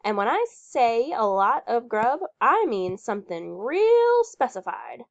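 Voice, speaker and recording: A woman's voice: a little high, big pitch swings, takes it slowly, heavily acted. A woman reading aloud and voicing a bossy, folksy woman who lectures and talks in country phrasing. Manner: fussy, lecturing, country-talking. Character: bossy folksy middle-aged woman horse owner. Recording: muffled lo-fi recording.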